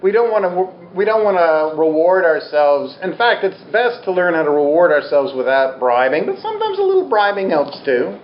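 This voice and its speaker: A man's voice: high-pitched, sing-song, moderate pace, hardly any pauses, slight background noise. A man giving a Buddhist teaching talk to an audience, candid, humorous and self-deprecating. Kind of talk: dharma talk to a live audience. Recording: roomy, slightly dull talk recording.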